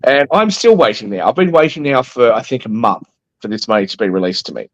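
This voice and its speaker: A man's voice: medium pitch, lively intonation, fast talker, dull audio. A man co-hosting a casual panel chat, ranting animatedly and mimicking the people he talks about. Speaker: co-host.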